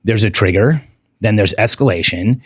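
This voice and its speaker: A middle-aged man speaks as a podcast guest in a low, husky voice, earnest and heartfelt. He slows down to press on the words that matter. The sound is close and dry, with no room around it. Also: no room sound. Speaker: podcast guest, relationship coach. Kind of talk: candid interview talk.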